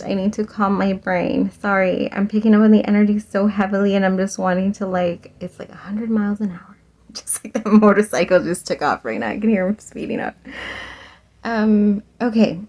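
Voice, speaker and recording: A young woman talks through a pick-a-card tarot reading in a loose, chatty way, with plenty of "like" and "um". Her voice sits at an ordinary middle pitch. She laughs often, and her loudness swings, dropping soft at the ends of phrases. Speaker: tarot reader.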